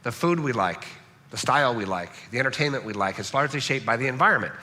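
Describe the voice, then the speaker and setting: Bright-voiced man preaching in a reverberant hall. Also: mid-range voice, animated, fast. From Southern California. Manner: conversational, punctuated with "right?". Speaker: pastor. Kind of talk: sermon. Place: church sanctuary. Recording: long reverb of a church hall.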